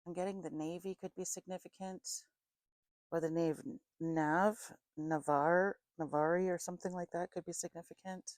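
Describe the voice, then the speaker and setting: A woman's voice: lowish voice, steady tone, normal speed, darkish tone, no echo, poor audio. A woman giving an intuitive psychic reading, musing aloud, spelling out names letter by letter and correcting herself as she goes. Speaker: psychic reader.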